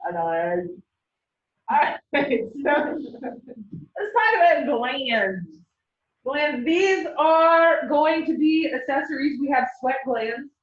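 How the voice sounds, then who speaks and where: A woman's voice: on the high side, slight background noise. Chatty woman lecturing in an echoey classroom. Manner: chatty, laughs often, animated storytelling. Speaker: instructor. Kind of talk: classroom lecture with personal anecdotes. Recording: roomy, dull sound from a distant mic.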